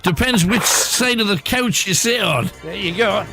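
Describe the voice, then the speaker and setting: A man's voice: high-pitched, expressive, a little slow, creaky, music in the background. A man hosting a late-night radio phone-in, chatting, joking and coaxing callers.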